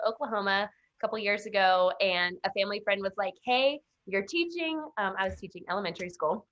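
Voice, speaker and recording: A young woman from Arkansas, telling her story as an interview guest in an animated way, laughing often and acting out quotes. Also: mid-range voice. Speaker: guest, self-defense instructor. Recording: dull lo-fi sound.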